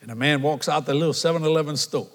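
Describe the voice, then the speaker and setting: A man's voice: a little high, quick pace. Older man preaching in a reverberant hall. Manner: animated storytelling, calls and responses with the congregation. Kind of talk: sermon.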